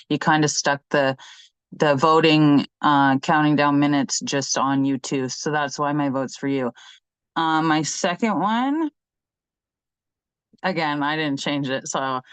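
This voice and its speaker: A woman's voice: low voice, clear, resonant tone, dry recording, rough recording. A woman contestant casting her votes in a reality game, blunt, defiant and profane.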